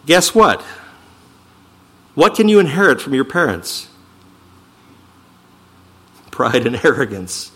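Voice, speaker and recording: A man preaching a sermon, reading scripture slowly and with emphasis, then explaining it in quicker asides. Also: mid-range voice, very animated, fairly bright tone, husky. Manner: emphatic, swings from slow declaiming to quick asides. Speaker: pastor.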